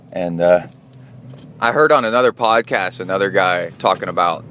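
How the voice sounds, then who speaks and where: A man with a very low voice hosts his podcast from behind the wheel of a car. He wanders through a casual story with plenty of fillers and restarts. A faint hum of the road sits behind him. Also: a bit bright. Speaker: podcast host. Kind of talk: casual solo monologue while driving.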